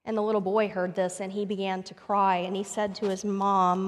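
A woman's voice: medium pitch, flat delivery, moderate pace, hardly any pauses. A woman pastor preaching a sermon, telling a story and rising to emphatic questions. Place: church sanctuary. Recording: long reverb of a church sanctuary.

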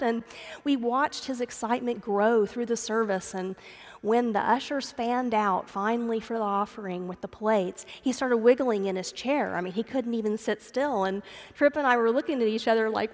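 In a church sanctuary with long reverb, a middle-aged woman pastor preaches a sermon built around a family story, addressing her congregation as "friends." Her voice is on the high side at normal speed.

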